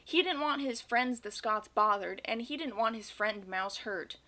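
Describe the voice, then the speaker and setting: A woman's voice: fairly high pitch, a little slow, pushed and bright. A woman reading a children's picture book aloud and chatting about it afterward. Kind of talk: read-aloud storytelling.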